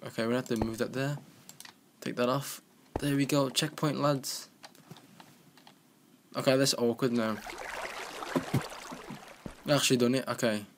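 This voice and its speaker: A young man giving joking, excitable commentary while playing a game, with keyboard clicks in the background. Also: medium pitch, normal speed, pauses often, background noise. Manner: excitable, joking self-talk. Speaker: gaming commentator. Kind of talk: casual gameplay commentary. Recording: home recording with keyboard clicking.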